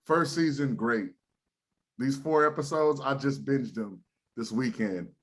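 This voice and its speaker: A man's voice: mid-range voice, a little slow. A man guesting on a podcast, talking casually with blunt, profane teasing. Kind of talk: casual chat.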